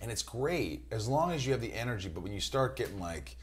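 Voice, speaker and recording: A middle-aged man from New York chatting as a podcast guest, telling animated stories, swearing freely and acting out other people's voices. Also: fairly low pitch, fairly quick. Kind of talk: casual podcast chat.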